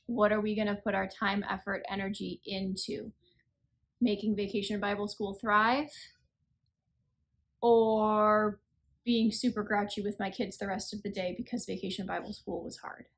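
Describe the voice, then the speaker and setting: A woman's voice: mid-range voice, little pitch movement, normal speed. A woman in her thirties hosting a faith podcast, talking in an earnest, conversational way and saying she is tired. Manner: earnest, conversational, self-deprecating. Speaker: podcast host. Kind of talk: reflective faith podcast talk.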